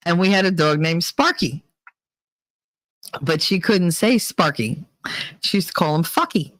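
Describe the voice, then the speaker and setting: A middle-aged woman with a thick New Jersey accent, hosting a podcast and telling stories in a casual, animated way, laughing often and swearing freely. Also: fairly low pitch, a little slow, no echo. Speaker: podcast host. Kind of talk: casual storytelling monologue. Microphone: home computer mic.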